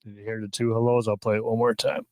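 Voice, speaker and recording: A man hosting a live podcast, talking casually and excitedly, with many fillers and restarts. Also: lowish voice, quick pace, no room sound, studio quality. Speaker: podcast host.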